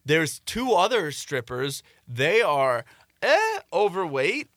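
Young male storyteller, bright forceful tone, dry close sound, lively acted-out quotes. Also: on the high side, slow pace, no room sound. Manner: animated storytelling, acting out quotes. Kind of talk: casual podcast chat.

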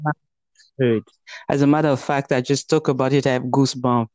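A woman's voice: rumbling low, steady tone, a little mellow, dry recording. A Congolese woman with a French accent, co-hosting a podcast in casual, earnest chat that often stops and restarts. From Democratic Republic of the Congo. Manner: earnest, halting, with many restarts. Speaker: podcast co-host.

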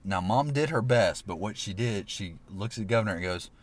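A man's voice: fairly low pitch, lively intonation, a little fast. A man, animatedly telling a story in casual podcast chat, laughing often. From Alabama. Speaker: podcast guest.

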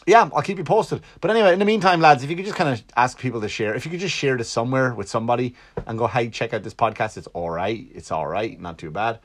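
An Irish man hosting his own podcast, rambling casually with profanity and self-mocking jokes. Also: medium pitch. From Ireland. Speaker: podcast host. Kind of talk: casual solo podcast monologue, comedic. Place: Long Island home.

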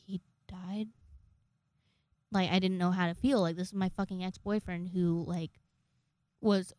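A woman's voice: fairly low pitch, darkish tone, dry recording, studio quality. A young woman in her twenties telling rambling, jokey, profane stories to camera in a casual vlog. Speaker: vlogger.

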